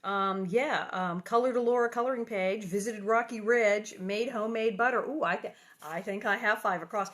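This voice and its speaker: A middle-aged woman talks casually to her livestream viewers from her living room, bubbly and full of rambling asides. Her voice is bright and forceful, and it comes through a webcam-style mic. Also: medium pitch, moderate pace, few pauses. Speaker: livestream host reading aloud.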